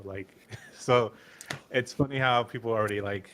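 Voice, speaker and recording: A man's voice: on the low side, fairly even intonation, measured pace, a bit bright, a little hiss or hum. A man co-hosting a casual tech stream, telling stories with many restarts. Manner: meandering, many fillers and restarts. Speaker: show co-host. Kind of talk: casual livestream chat.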